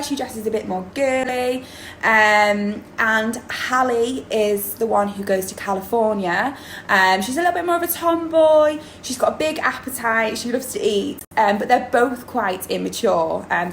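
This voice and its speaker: A woman drama teacher, explaining in a chatty video lesson with many ums. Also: a little high. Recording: roomy echo, faint background noise.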